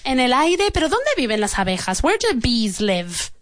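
A woman hosting a children's radio show at a school, giving an English lesson and coaxing answers with encouraging prompts, slow repetitions and bits of Spanish. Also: sits high, big pitch swings, no room sound. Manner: encouraging, prompting, repeats words slowly, switches to Spanish to explain.

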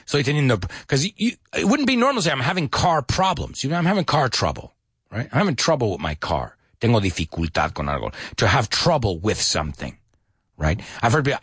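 Man, teacher, husky dry voice, very animated, playful, mixes two languages. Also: medium pitch, brisk, no room sound. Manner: playful, switches between English and Spanish. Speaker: English teacher. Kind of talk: bilingual language lesson.

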